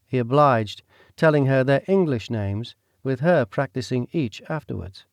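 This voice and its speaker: This is scripted audiobook narration by a man with a mid-range voice, delivered in an even, steady storytelling style. The recording is dry and of studio quality.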